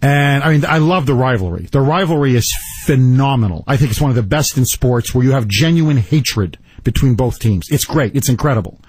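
A man hosting a talk radio show, telling a story with mock outrage and lots of animated emphasis. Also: mid-range voice, fairly quick, hardly any pauses, breathy edge, poor audio.

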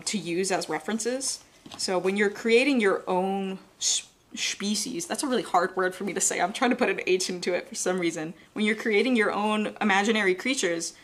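A woman teaching a live drawing class, explaining in a relaxed, chatty way while she sketches. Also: medium pitch, slight background noise. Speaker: art instructor.

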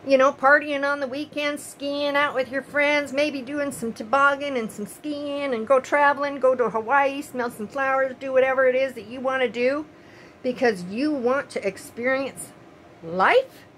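A woman's voice: high-pitched, fairly even intonation, normal speed, fairly bright tone, a little hiss or hum, rough recording. An older woman and grandmother talking straight to her viewers in an emotional, pleading opinion monologue, repeating her phrases. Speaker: vlogger.

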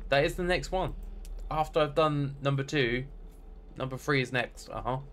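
A man's voice: mid-range voice, moderate pace, a bit bright, slight background noise. An English man casually commenting on a game for his live chat, humming idle tunes between remarks. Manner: hums idle tunes while playing, talks to chat casually. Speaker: game streamer.

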